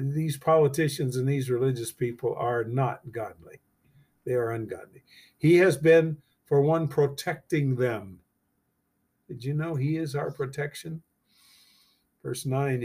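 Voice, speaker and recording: Slow, husky man reading scripture. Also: medium pitch, darkish tone. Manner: slow, deliberate reading with emphatic rhetorical questions. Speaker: Bible teacher. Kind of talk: verse-by-verse scripture commentary.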